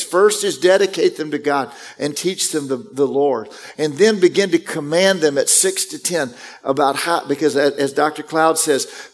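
A man preaching a sermon to his congregation, conversational and anecdotal, acting out parents and kids. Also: on the high side. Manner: conversational preaching with acted-out parent and child quotes. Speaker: pastor.

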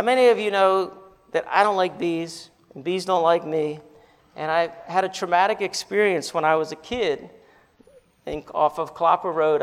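Male pastor, high gravelly voice, animated sermon storyteller, reverberant sanctuary. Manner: animated storytelling, rising to emphatic peaks. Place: church sanctuary. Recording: reverberant hall.

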